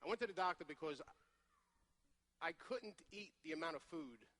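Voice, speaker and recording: A man in his forties with a Brooklyn accent, telling his personal story on stage in an energetic, conversational way. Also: on the high side, moderate pace. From Brooklyn, New York. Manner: energetic, conversational, working the crowd. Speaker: motivational speaker. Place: large event stage.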